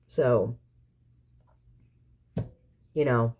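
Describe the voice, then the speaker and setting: A woman with a low, expressive voice and darkish tone, speaking at normal speed, rants to her viewers as the host of a channel about caring for community cats. Fed-up and sarcastic, she rambles, repeats herself, and piles on rhetorical questions.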